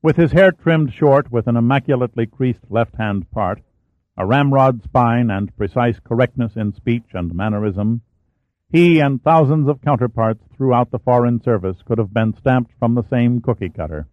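A man's voice: mid-range voice, expressive, normal speed, no room sound. Man narrating an audiobook on a tinny line. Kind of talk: scripted narration. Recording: dry, tinny phone-like sound.

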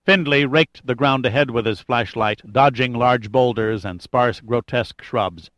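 Steady male audiobook narrator, dry sound. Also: medium pitch, no room sound. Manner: steady, measured, lightly dramatic. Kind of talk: scripted narration.

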